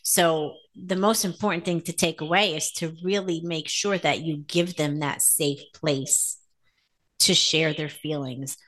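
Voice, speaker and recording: A woman's voice: low-pitched, steady tone, a little slow, fairly bright tone. A middle-aged woman co-hosting a relationship talk show, asking questions in a supportive way. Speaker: podcast co-host.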